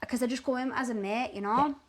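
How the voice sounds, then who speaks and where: A woman's voice: a little high, fast talker. Blunt, sweary woman. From Teesside, England. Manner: blunt and swearing, animated retelling. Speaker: podcast guest. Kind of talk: candid storytelling.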